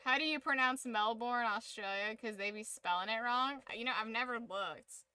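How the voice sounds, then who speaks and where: A woman's voice: on the high side, normal speed, sharp tone, smooth, no echo. A woman streaming a game, chatting casually with rambling, joking, opinionated asides. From United States. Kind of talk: casual chat while gaming on stream.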